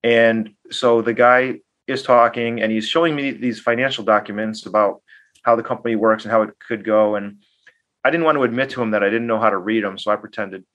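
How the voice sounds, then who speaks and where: A man's voice: lowish voice, a little fast, dull audio. A man, a guest investor in an interview, telling casual stories and acting out quoted dialogue. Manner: animated anecdotes, acts out quoted dialogue. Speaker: guest business owner and investor.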